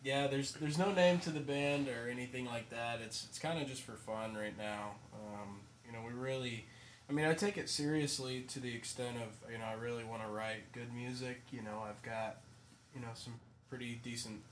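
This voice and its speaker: A man's voice: mid-range voice, fairly even intonation, normal speed, echoey room. A young man in a loose, casual conversation, trailing off and filling gaps as he talks. His voice sits in an ordinary middle range. A faint hum of ambience hangs behind him. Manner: rambling, hesitant with many fillers. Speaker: podcast guest, musician. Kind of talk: casual chat.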